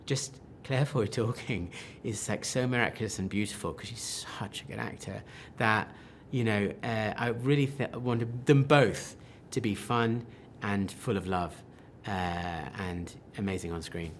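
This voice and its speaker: A man, a film director, answering interview questions with enthusiastic, animated talk full of restarts and quoted asides. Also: on the low side, a little slow, a little hiss or hum.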